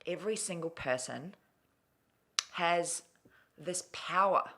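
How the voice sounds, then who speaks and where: Candid low-voiced woman. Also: takes it slowly, a bit bright. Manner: candid, emotional, swears casually. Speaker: guest. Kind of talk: candid storytelling interview.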